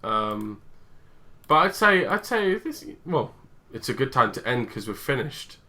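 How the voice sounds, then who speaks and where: A man's voice: medium pitch, big pitch swings, measured pace, pushed and bright. A man co-hosting a podcast in a rambling, casual chat, tired with a dry, sore throat. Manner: chatty, rambling, self-interrupting. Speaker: podcast co-host.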